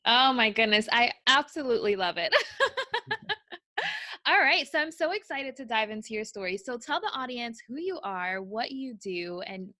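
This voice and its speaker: A woman hosting a podcast interview, enthusiastic and quick to laugh. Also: on the high side, lively intonation, bright, forceful tone. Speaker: podcast host. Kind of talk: upbeat interview chat.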